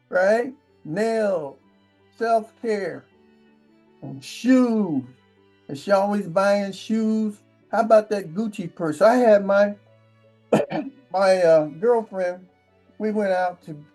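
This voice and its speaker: A man's voice: high voice, a little mellow. A man hosting a relationship advice monologue, telling rambling stories and often tagging lines with a rhetorical question. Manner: rambling storyteller, keeps asking "right?". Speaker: channel host.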